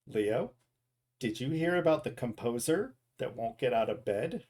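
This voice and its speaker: A man's voice: mid-range voice, expressive, measured pace, warm tone, slightly rough. A man streaming a game, chatting casually and reading dad jokes, often correcting himself and chuckling at his own jokes. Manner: reads dad jokes aloud. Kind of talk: casual live stream chat.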